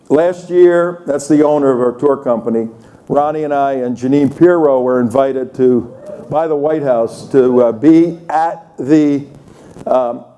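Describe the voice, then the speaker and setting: This older conference speaker has a mid-range voice with a dark tone, picked up with slight background noise in a conference room. Keeping things conversational, he recounts anecdotes and performs the voices of the characters.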